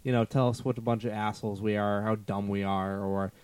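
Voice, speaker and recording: A man co-hosting a casual podcast, playful and quick to laugh and swear. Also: on the low side, flat delivery, a little mellow, smooth, dry recording. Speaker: podcast co-host.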